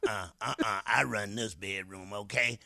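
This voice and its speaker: A man voicing a domineering tall woman who runs the bedroom, giving low, bossy commands. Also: steady tone, normal speed, vocal fry, sharp tone, no echo, clean studio sound, exaggerated voice. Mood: menacing.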